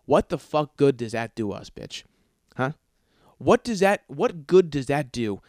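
A man's voice: mid-range voice, sing-song, unhurried, darkish tone, no echo, clean studio sound. A man hosting a comedy podcast, ranting in an exasperated, profane, rambling way. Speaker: podcast host. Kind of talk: comedic rant.

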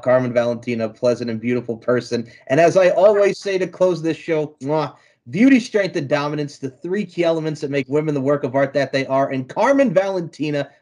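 A man hosts an interview show in a quick, steady voice. He keeps up an upbeat promotional patter between questions. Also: medium pitch. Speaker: show host. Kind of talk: interview hosting.

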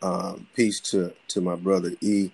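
A middle-aged man from the Bronx with a lowish voice talks on a podcast. He is relaxed and unhurried and stops and restarts often, filling gaps with ums. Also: vocal fry, slightly rough. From the Bronx, New York. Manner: relaxed, halting with many fillers and restarts. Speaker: guest, clothing entrepreneur and boxing coach. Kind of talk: casual podcast conversation.

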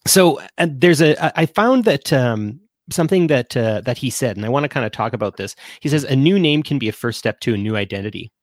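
A man's voice: mid-range voice, animated, fairly quick, few pauses, no room sound, studio quality. A man hosting a casual live-stream chat show, rambling with lots of fillers and restarts.

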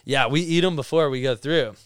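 A man's voice: a little high, a little fast, smooth, no echo, studio quality. Swearing young man telling wild stories. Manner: rambling, heavy swearing, laughs through his stories. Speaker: podcast guest. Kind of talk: casual storytelling.

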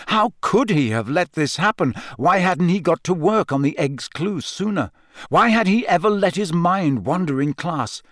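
A man reading an audiobook in a measured, expressive narration. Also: medium pitch, dry recording, clean studio sound. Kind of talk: scripted narration.

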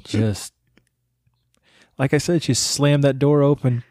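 A man's voice: medium pitch, steady tone, takes it slowly, background noise. A man in his thirties chatting casually as a co-host, telling stories with laughter and casual swearing. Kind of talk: casual chat.

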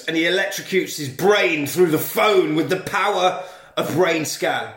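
A man's voice: a little high, a little slow, few pauses, a bit bright, echoey room. A man co-hosting a podcast, recapping a film in a sweary, comedic way and acting out the characters. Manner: sweary, acts out characters in silly voices. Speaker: podcast co-host.

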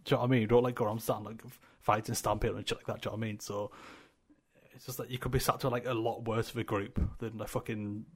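A man's voice: fairly low pitch, little pitch movement, racing, slightly rough. A young man, co-hosting a podcast in casual, sweary, rambling chat. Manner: sweary, rambling, laughs often. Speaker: podcast co-host.

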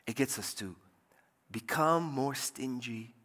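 A man preaching a lively, jokey sermon from a church pulpit, his bright voice carrying a long hall echo. He swings between loud, emphatic points and soft, quiet asides. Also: medium pitch, slow pace. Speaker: pastor.

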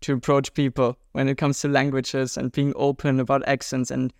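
Young German-accented man, gravelly and dry. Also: normal speed, no room sound. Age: 20s. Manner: upbeat and chatty, pitch jumps up when animated. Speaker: guest, world traveler and juggler. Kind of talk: casual conversational interview.

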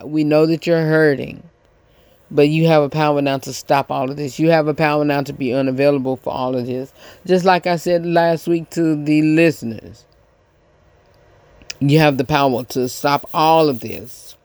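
A man hosting a podcast, giving a casual commentary monologue, halting and repeating himself with many fillers. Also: fairly high pitch, a little mellow, no echo. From United States. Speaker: podcast host.

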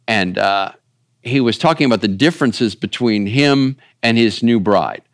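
A man's voice: medium pitch, lively intonation, normal speed, dry recording, clean studio sound. A man preaching a conversational sermon, folksy and rambling, often turning to ask the listeners if they follow. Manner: folksy, rambling, asks the audience. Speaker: pastor.

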